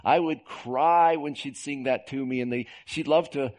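Speaking at normal speed with a medium pitch, this middle-aged Oklahoma man delivers a sermon as pastor. His manner is folksy and story-driven, and words frequently get repeated along the way.

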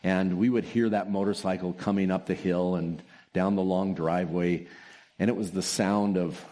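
A man preaching a sermon as pastor, telling stories with soft laughs and drawn-out emphasis. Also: low voice, steady tone.

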